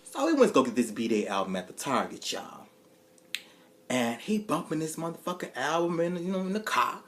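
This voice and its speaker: Animated, foul-mouthed male storyteller. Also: on the high side, normal speed, loud music behind the voice. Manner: animated, profane, acts out voices; playful asides to viewers. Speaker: vlogger telling a story. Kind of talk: casual storytime monologue.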